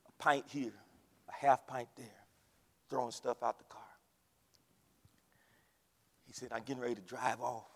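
A man preaching a sermon, swinging from hushed storytelling to shouted climaxes. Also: mid-range voice, steady tone, unhurried, vocal fry, pauses often. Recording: long reverb of a large hall.

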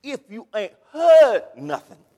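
A man imitating an older male preacher from Louisiana with a slow, drawn-out drawl. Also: extremely high pitch, very animated, mellow, in a large hall, highs cut off, voice pushed up, heavily acted. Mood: solemn.

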